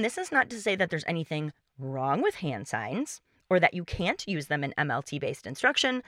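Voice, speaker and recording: Bright-voiced woman hosting a podcast. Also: sits low, no echo, studio quality. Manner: clear, explanatory, measured delivery. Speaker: podcast host. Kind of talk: solo podcast talk on music teaching.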